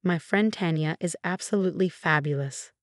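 Sugary, condescending stepmother read by a woman; low-pitched and dry. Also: normal speed, no room sound, lightly acted. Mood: fake sweet. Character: fake-sweet scheming stepmother, adult woman.

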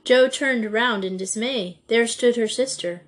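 A woman narrating a classic children's school novel in a measured, clear storytelling manner. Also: on the high side. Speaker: audiobook narrator.

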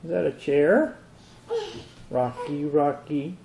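A man's voice: fairly high pitch, slow pace, gravelly, dark tone. An older man, a grandfather, talking playfully with small children at home in a coaxing, sing-song way. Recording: noisy home video.

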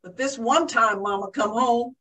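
A woman performing a pioneering woman aviator who tells of her childhood in an animated one-woman show, gasping with excitement. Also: a little high, moderate pace, recorded from a distance, rough recording. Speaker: living-history performer.

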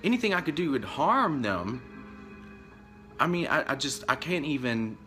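A man telling a story to his camera in a casual rant, rambling and acting out both sides of a conversation, his pitch jumping up when he gets upset. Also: sing-song, normal speed, bright, forceful tone, faint music behind. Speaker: vlogger telling of being fired.

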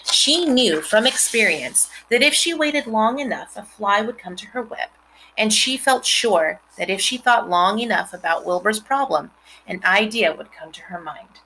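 A woman reads a storybook aloud at an ordinary middle pitch, stopping to explain things to her listeners. Faint noise runs under the recording. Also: expressive, normal speed, pushed and bright, rough recording. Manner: explains words and scenes to listeners. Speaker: mother reading aloud. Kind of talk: reading a storybook aloud with asides.

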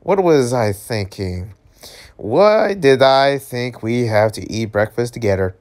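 A man's voice: mid-range voice, animated, slow, darkish tone. A man voicing a young wife in a romance webtoon, read in a plain reading voice. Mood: wondering.

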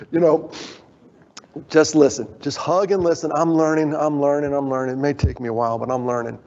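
At a conference, a man tells stories from the stage, animatedly imitating the voices of the people he quotes. His voice sits on the high side with a darkish tone, little pitch movement, and a fairly quick pace. The hall is echoey and the sound dull.

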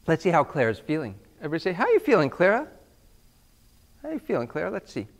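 High, lively man leading a kids' sing-along. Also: quick pace, vocal fry. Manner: lively and coaxing, prompting kids to repeat after him. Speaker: children's music show host. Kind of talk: call-and-response music lesson for kids. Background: instruments playing.

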